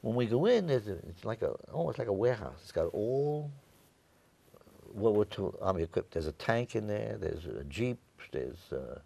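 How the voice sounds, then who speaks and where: A man's voice: on the low side, very animated, normal speed, vocal fry, mellow, breathy edge. A man in his nineties from New York, a war veteran telling his stories in an oral history interview, rambling and repeating his words. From New York, United States. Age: 90s.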